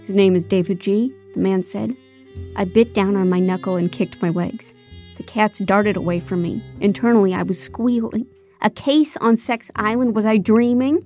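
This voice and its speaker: A woman narrating a comic mystery audiobook in the first person, with a wry, deadpan, sarcastic delivery. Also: medium pitch, normal speed, faint music behind.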